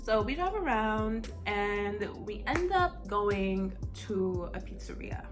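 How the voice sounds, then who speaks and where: A woman's voice: mid-range voice, slow, over music. A young woman telling a story in a casual, blunt way, full of "like" and swearing. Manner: animated, heavy use of "like", blunt and profane. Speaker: vlogger.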